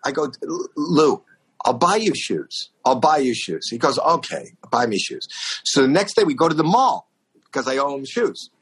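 A husky man spins a rambling, animated story in casual conversation. He jumps into high, shouted voices to act out the other people in it, then drops back to an easy, conversational tone. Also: normal speed. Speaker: guest telling a story. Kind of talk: casual anecdote.

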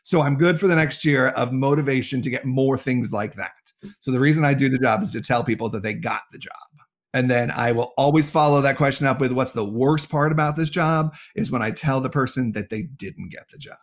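Middle-aged male talent agent, lively anecdote teller who acts out the quotes, medium-pitched. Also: fairly quick. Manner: animated, acts out quoted dialogue. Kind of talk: casual storytelling interview.

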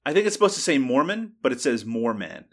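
A man on a podcast recounts a film scene by scene, cursing freely. His voice sits a bit high and swings widely in pitch. The delivery stays loose and conversational. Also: expressive, very fast, slightly rough. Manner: profane, storytelling recap. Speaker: podcast host. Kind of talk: casual film review chat.

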